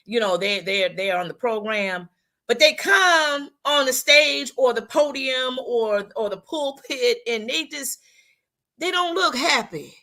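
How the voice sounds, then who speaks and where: A woman's voice: on the high side, pushed and bright. A woman co-hosting a women's talk show, giving a preacherly motivational talk with speech, repeating her lines and acting out how people talk.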